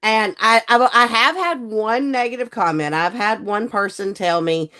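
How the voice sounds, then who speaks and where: A hoarse, croaky woman, hosting a live stream in folksy, chatty talk and greeting viewers by name. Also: mid-range voice, normal speed, pushed and bright. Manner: chatty, folksy, laughs often. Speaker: livestream host and seller.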